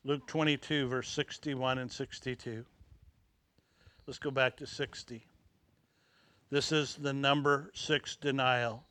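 A man preaching a sermon, acting out scenes dramatically and dropping to hushed tones at emotional moments. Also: mid-range voice, steady tone, takes it slowly, long pauses, clear, resonant tone, dry recording. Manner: dramatic, swings from loud exclamations to hushed near-whispers.

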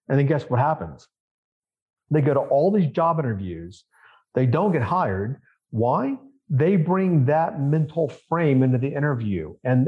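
Emphatic man, dull lo-fi sound. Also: medium pitch. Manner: emphatic, repeats phrases, rhetorical questions. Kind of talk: conversational podcast interview.

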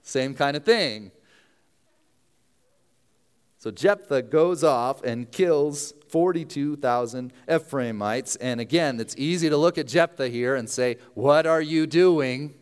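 A man's voice: mid-range voice, clear, resonant tone, in a large hall. A man preaching a sermon in a casual, conversational way, sometimes acting out the voices of the people in his story. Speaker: pastor.

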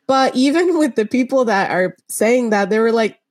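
A woman's voice: on the high side, lively intonation, normal speed, a little mellow, dry recording, studio quality. A woman co-hosting a podcast in casual chat, talking bluntly and animatedly and laughing between jokes. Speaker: podcast co-host.

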